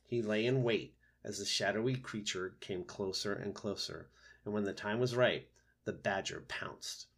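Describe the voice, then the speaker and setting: Guy reading a kids book aloud, gentle and steady, lowish voice. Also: unhurried, creaky, husky. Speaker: narrator.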